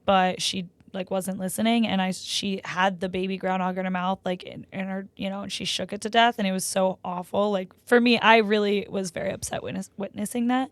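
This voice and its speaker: A woman's voice: brisk, hardly any pauses, no echo, studio quality. A woman in her twenties co-hosting a podcast, chatting casually and telling stories animatedly with many "like" fillers. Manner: animated storyteller, many "like" fillers, gets loud and high when excited. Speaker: podcast co-host. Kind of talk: casual chat.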